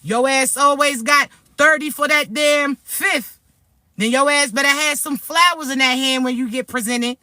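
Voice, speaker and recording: Forceful, profane woman spiritual reader. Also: sits high, steady tone, moderate pace, no echo. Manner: blunt, profane, fired-up warnings; talks hard and streetwise. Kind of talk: direct-to-camera spiritual vlog.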